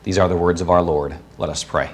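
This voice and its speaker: A man's voice: low voice, steady tone, fairly quick. A man preaching a sermon as the pastor of a church, earnest and reading scripture, with playful asides and puns.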